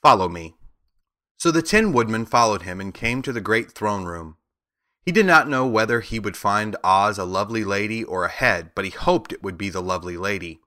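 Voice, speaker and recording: A man narrating a children's storybook as an audiobook, in a steady, even storytelling manner. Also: fairly low pitch, fairly quick, no room sound, clean studio sound.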